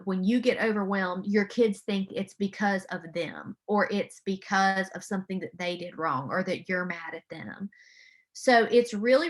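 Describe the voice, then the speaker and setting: A woman's voice: medium pitch, bright, forceful tone. A young adult woman, a mental health counselor, giving an earnest, conversational conference presentation with frequent fillers and restarts over a video call.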